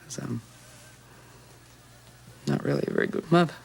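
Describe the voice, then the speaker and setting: A mother talks in a documentary interview, downcast and confessional. Her voice is gravelly and creaky, and she speaks as a smoker. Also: low-pitched, moderate pace, darkish tone, a little hiss or hum.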